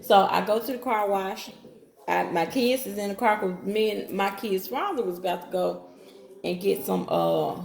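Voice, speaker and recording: A woman's voice: mid-range voice, creaky, a little mellow, echoey room. A woman telling a personal story in a casual, rambling way, restarting sentences as she goes. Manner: rambling, restarts and acts out dialogue.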